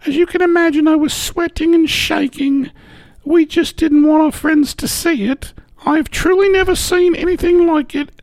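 A man putting on a high falsetto voice to play a shaken middle-aged woman, as a comic podcast impression. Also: fairly even intonation, moderate pace, a little mellow, dry recording. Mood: horrified.

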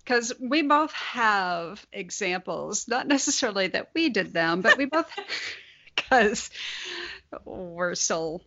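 A woman's voice: mid-range voice, expressive, slow, a bit bright, highs cut off. A woman in her forties co-hosting a podcast, chatting candidly and swearing casually as she tells a family story. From grew up on a farm. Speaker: podcast co-host. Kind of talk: casual chat.

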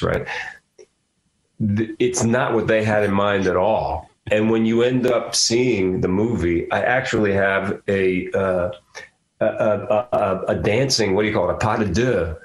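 A man's voice: lowish voice, moderate pace, roomy sound. A man in his sixties from Philadelphia with a Philadelphia accent, an actor chatting as a guest in a casual interview, rambling with many restarts.

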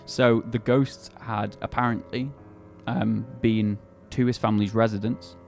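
Gravelly, low-voiced man telling a story. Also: flat delivery, unhurried, a little mellow, soft background music. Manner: easygoing, hesitant storytelling with fillers. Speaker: podcast host telling the story. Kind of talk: casual chat.

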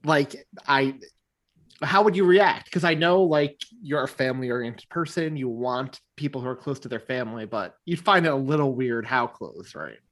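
A man with a mid-range voice talks casually as a podcast co-host. He keeps adding quick asides and little explanations for his listeners. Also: mid-range voice, a bit bright. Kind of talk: casual chat.

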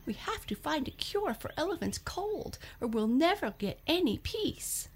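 A woman voicing an anxious young monkey in a bedtime story, in a high, fretful voice. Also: very animated, measured pace, heavily acted. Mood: worried.

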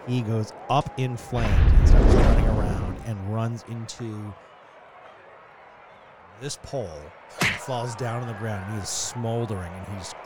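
A man's voice: lowish voice, steady tone, unhurried. A man running a tabletop game as game master, narrating loosely with fillers. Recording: noisy background.

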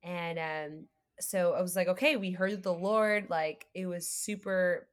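Female guest, lowish voice, animated storyteller who acts out quotes. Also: a little slow, clean tone. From United States. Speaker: guest, creative entrepreneur. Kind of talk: faith podcast conversation.

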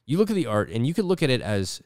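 In his studio, a male podcast host talks quickly in a sing-song, medium-pitched voice with a darkish tone. The casual conversation rambles, is loaded with "like," and features frequent acted-out quotes. There is no echo, and the studio sound is clean.

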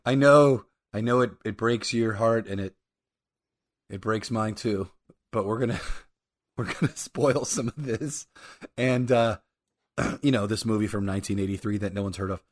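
A man's voice: on the low side, fairly even intonation, normal speed, pauses often. A man co-hosting a podcast, mock-apologetic, stammering and laughing in casual chat. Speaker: podcast co-host.

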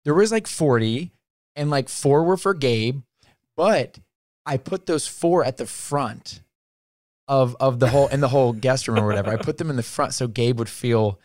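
A man's voice: mid-range voice, moderate pace, a little mellow, no room sound, clean studio sound. A young man co-hosting a casual faith podcast, talking in a laid-back, playful and reflective way. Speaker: podcast co-host.

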